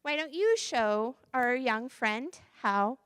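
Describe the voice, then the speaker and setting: A woman voicing a courteous, kindly farm pig who gently encourages the others in a children's story. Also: a little high, animated, slow pace, smooth, no room sound, clean studio sound, in a large hall. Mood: polite.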